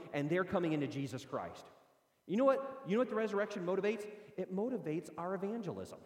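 A man preaching a sermon as pastor, swinging between loud, high proclaiming and low, quiet asides. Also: very animated, brisk. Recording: roomy hall with long reverb.

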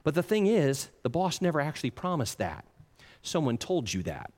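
Male preacher, earnest sermon, pitch swings a lot, long hall reverb behind him. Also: very animated, normal speed, a little mellow. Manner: earnest, acts out the listener's complaints in quoted asides.

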